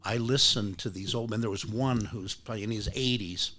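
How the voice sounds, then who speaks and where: A man's voice: on the low side, fairly quick, pushed and bright. An older man chatting casually at a book club, telling rambling anecdotes with frequent restarts and casual swearing. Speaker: rare bookseller and book club guest. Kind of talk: casual storytelling chat.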